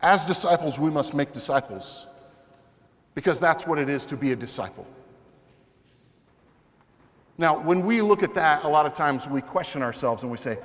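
A man's voice: a little high, animated, moderate pace, long reverb tail. A young man preaching a sermon in a conversational way, often asking the listeners questions.

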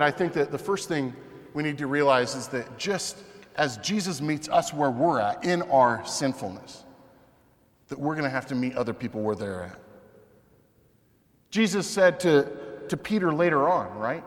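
A man's voice: on the high side, lively intonation, normal speed, big-room sound. A young man preaching a sermon in a conversational way, often asking the listeners questions.

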